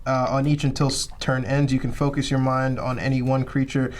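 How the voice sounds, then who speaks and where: A man's voice: mid-range voice, little pitch movement, brisk, slight background noise. A man playing a tabletop game, reading spell rules aloud and hesitating with fillers. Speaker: player.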